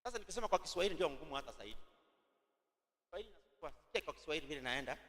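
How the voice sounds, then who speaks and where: A Kenyan man teaches from the pulpit with a high, forceful voice, dictating each point slowly and saying it again and again so listeners can write it down. His words ring out with a long reverb in a large hall. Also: lively intonation. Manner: repeats phrases slowly for note-taking, mixes in Swahili. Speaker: preacher teaching at a youth camp. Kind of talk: teaching sermon dictated as notes.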